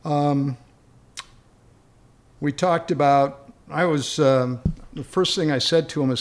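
Man, casual storyteller, gravelly texture, repeats words, rambling anecdote. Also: on the high side, takes it slowly, pauses often. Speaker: guest storyteller.

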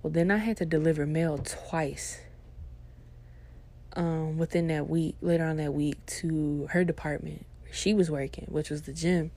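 With a low-pitched voice and an unhurried pace, this young female podcast host laughs her way through a funny story. Her chat is casual, animated, slangy and profane.

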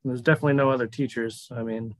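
Man reading a defiant female suspect in a tabletop game, exasperated and curt, mid-pitched. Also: steady tone, very fast, lightly acted. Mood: irritated. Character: defiant young woman suspect, irritated.

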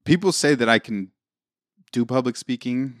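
A man's voice: mid-range voice, moderate pace, no room sound, studio quality. A man on a podcast, chatting casually and telling personal stories, acting out the lines of the people in them. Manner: storytelling, acts out quoted lines. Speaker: podcast guest. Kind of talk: casual chat.

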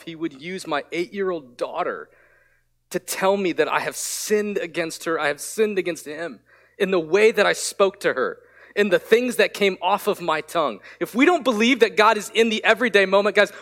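A male pastor delivers a sermon in a notably high voice for a man. He tells stories candidly and with animation, tossing in quick asides. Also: fairly bright tone.

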